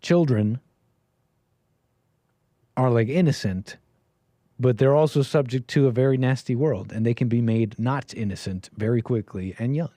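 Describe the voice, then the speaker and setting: A man hosting a livestream, ranting in commentary style with animated bursts and lots of restarts. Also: medium pitch, no room sound, studio quality. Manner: animated, rapid restarts, sudden loud bursts. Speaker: livestream host.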